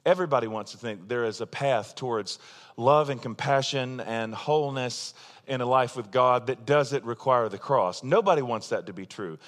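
A man's voice: mid-range voice, expressive, moderate pace, long reverb tail. A man preaching a sermon as pastor, talking in a casual, emphatic way and poking fun at himself. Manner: conversational, self-deprecating, emphatic.

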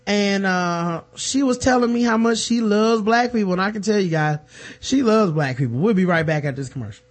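A man's voice: sits high, moderate pace, voice pushed up, lightly acted. A man playing a grinning, eager-to-please male TV cook with mock-cheerful presenter patter.

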